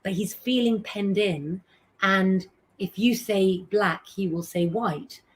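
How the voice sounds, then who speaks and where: A woman's voice: medium pitch, takes it slowly. Chatty woman reading live comments. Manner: chatty, reads out viewer names and messages, frequent ums. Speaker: astrologer and tarot reader hosting a live stream. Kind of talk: casual live-stream chat reading viewer comments.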